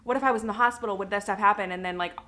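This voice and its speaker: A woman's voice: mid-range voice, rapid-fire, sharp tone. A woman vlogger telling her own story to the camera, candid and emotional, with lots of fillers.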